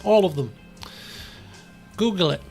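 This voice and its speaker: Chatty man with a gravelly voice. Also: high voice, expressive, a little slow, darkish tone, faint music behind. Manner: chatty, self-deprecating, rambling. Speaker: game streamer. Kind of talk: casual live-stream commentary.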